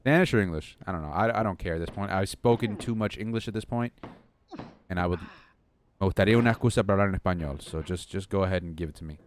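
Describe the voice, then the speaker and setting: A young man with a slightly low voice who rambles on and pokes fun at himself while he streams. He chats to his viewers from his desk at home, with a faint hum of noise behind him. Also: fast. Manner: rambling, self-deprecating, talks to chat. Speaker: game streamer. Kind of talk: rambling live-stream chat.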